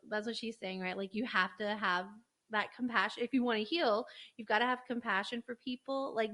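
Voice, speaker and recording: A woman co-hosting a podcast, chatting casually and explaining ideas from a book, with lots of "like" fillers. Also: fairly high pitch. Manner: relaxed, explaining, frequent "like" fillers. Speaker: podcast co-host. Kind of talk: casual chat.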